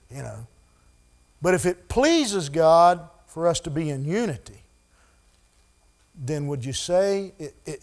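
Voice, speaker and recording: A man preaching a sermon in a church, building from quiet talk to loud, high-pitched preaching. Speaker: pastor.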